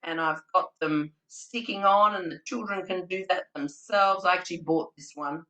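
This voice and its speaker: A woman presenting a childcare training webinar in an animated, theatrical, chatty way. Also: on the low side, moderate pace.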